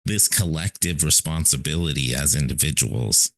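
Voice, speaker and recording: Very deep-voiced man musing on a podcast. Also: normal speed, fairly bright tone, dry recording. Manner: rambling, emphatic, repeats "right?". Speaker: podcast co-host. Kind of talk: casual philosophical chat.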